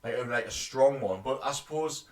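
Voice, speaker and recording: A man's voice: medium pitch, fairly quick. A man from North East England, co-hosting a podcast and giving blunt, teasing opinions. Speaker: podcast co-host. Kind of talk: casual chat.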